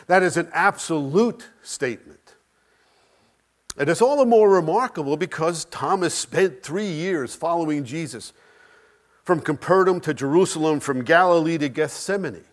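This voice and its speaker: A man delivering a sermon in a somewhat high voice. He speaks with emphasis, slowing for dramatic pauses and swinging between loud lines and soft ones. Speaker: pastor. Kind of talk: Easter sermon.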